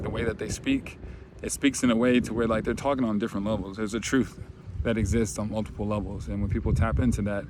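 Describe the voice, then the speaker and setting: Man, mid-pitched, casual spiritual talker, crackly throat, faint street noise behind. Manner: relaxed, rambling, full of "you know". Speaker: spiritual video host.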